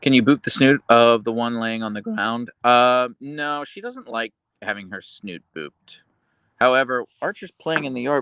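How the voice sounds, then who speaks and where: A man hosting a casual livestream, reading viewer comments aloud and chatting about his dogs, slipping into a high cooing voice for his pet. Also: lively intonation, moderate pace, a bit bright, smooth, no room sound. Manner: goes high and cooing when talking to his dog. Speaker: livestream host.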